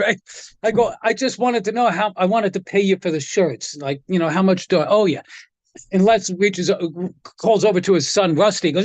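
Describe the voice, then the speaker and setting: A man tells his stories with relish, jumping into the voices of the people in them. His voice sits high for a man, and the recording is dry and close. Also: fairly quick, dry recording. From New York area. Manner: animated anecdote teller, acts out quotes. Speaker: guest, guitar tech. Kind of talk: casual storytelling interview.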